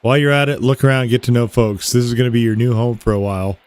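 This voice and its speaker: Calm caring friend, read by a man, plain game dialogue reading, dry close sound. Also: mid-range voice, quick pace, no room sound, natural voice. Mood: practical. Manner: reads the lines in a plain, calm voice. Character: steady, caring male friend.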